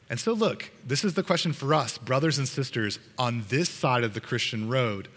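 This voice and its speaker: A man's voice: medium pitch, moderate pace, hardly any pauses, fairly bright tone, long reverb tail. A man preaching a sermon to his congregation in an earnest, conversational way, sometimes restarting his sentences. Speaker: pastor.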